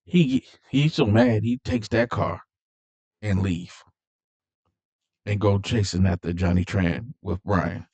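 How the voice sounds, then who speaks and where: A man's voice: low voice, slow, pauses often, darkish tone. A man casually recapping a movie plot, rambling with fillers and repeated words. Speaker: movie reviewer.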